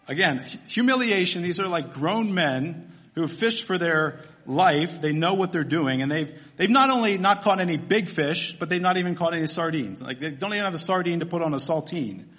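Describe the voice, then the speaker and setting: A man's voice: on the high side, lively intonation, moderate pace, a bit bright. A man preaching a sermon in a church, humorous and conversational, often asking his listeners questions. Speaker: pastor.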